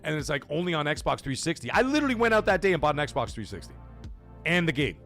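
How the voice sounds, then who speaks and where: A man in his thirties hosting a live gaming stream, chatting and reading viewer super chats, breaking into loud excited shouts. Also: fairly high pitch, fast, faint music behind. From Canada. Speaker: host of a gaming livestream.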